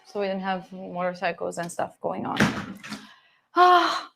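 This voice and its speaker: A young woman from Italy cooks in her open-doored home kitchen while livestreaming, joking around with viewers and cursing now and again. Her lowish, creaky voice swings widely in pitch at an unhurried pace, and the recording is very noisy.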